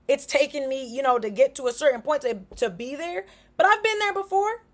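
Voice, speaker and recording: High-voiced woman, frank and animated. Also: a little fast. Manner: frank, animated, slangy, acts out quoted remarks. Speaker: vlogger. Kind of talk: casual talk to camera.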